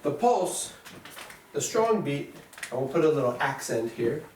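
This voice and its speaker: A man's voice: a little high, big pitch swings, a little slow, darkish tone. Man teaching music in an echoey room. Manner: patient, sounds out beats and counts aloud. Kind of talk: classroom music lesson. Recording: echoey room, voice from a distance, faint noise.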